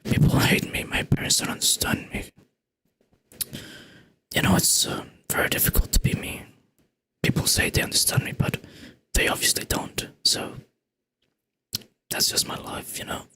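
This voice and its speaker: A man whispering as a monotone emo teen. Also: moderate pace, long pauses, close to an everyday voice. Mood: gloomy. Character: gloomy self-pitying emo teenager, male. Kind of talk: whispered role-play.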